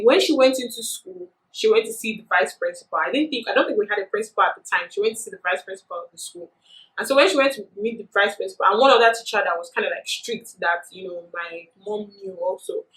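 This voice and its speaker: A young woman with a Nigerian accent telling a story in a chatty, animated vlog, filling her talk with "you know". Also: mid-range voice. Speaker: vlogger. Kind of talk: casual storytelling. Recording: echoey room.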